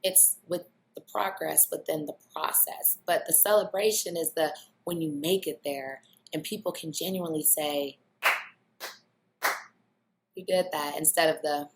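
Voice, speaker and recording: A woman's voice: low-pitched, normal speed, noisy background. A young woman talking in a casual, reflective monologue, loose and conversational. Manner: conversational, loose, with many "you know" fillers. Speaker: vlogger.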